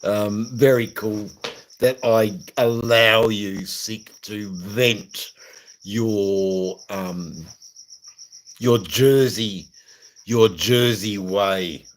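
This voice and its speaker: Middle-aged Aussie livestream host, crude and jokey, drawling slowly over a faint night-insect hum. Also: male voice, fairly low pitch, fairly even intonation, poor audio. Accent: Australian. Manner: rambling, crude and jokey, many fillers. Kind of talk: casual livestream chat reading viewer comments.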